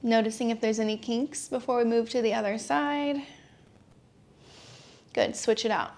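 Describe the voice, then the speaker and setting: A young adult woman teaching a gentle yoga class, giving calm, encouraging step-by-step cues. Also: fairly high pitch, moderate pace. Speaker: yoga instructor.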